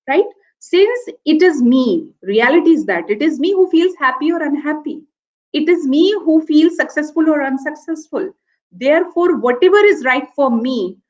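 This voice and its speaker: A woman's voice: high voice, dull audio. A woman professor giving an earnest, explanatory lecture to students. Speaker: university professor.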